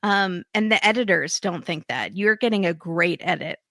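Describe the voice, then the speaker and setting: A woman's voice: lowish voice, lively intonation, normal speed, pushed and bright, no echo. A woman hosting a podcast, chatting casually and with strong opinions about a reality TV episode. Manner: opinionated, quips, acts out quotes. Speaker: podcast host. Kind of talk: casual chat recapping reality TV.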